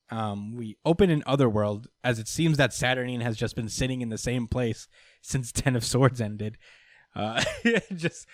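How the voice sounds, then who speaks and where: Recorded in a clean studio with no echo, a man of medium pitch hosts a podcast where he casually recaps comic books. He chats loosely, swears without restraint, and laughs in between.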